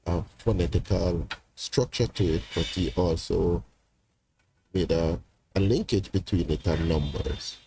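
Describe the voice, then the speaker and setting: A man's voice: low-pitched, unhurried, warm tone, husky. A man, a pastor, chatting easily and joking on a radio talk show. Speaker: pastor and co-host. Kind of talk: casual talk show discussion. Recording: faint background noise.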